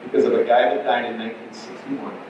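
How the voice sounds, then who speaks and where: A middle-aged man preaching a sermon as pastor, animated and storytelling, with frequent restarts. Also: mid-range voice, fast talker, lo-fi sound, background noise. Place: church sanctuary. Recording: very echoey church hall, distant mic.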